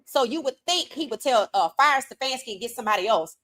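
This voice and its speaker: A woman's voice: a little high, animated, fast talker, a bit bright. Outspoken woman sports podcast host. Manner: outspoken, reads chat comments aloud. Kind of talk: casual live-stream commentary.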